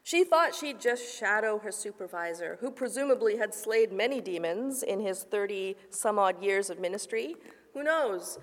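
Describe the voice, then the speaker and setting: A woman's voice: mid-range voice, moderate pace. Woman pastor preaching in an echoing church. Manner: storytelling, shifts between lively asides and hushed narration. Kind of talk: sermon. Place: church sanctuary. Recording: long reverb of a church hall.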